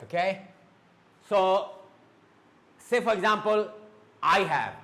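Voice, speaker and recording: Slow, lively-voiced teacher. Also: male voice, sits high. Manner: slow, repeats words and says okay often; mixes Hindi explanations into English. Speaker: English teacher. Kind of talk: spoken English lesson.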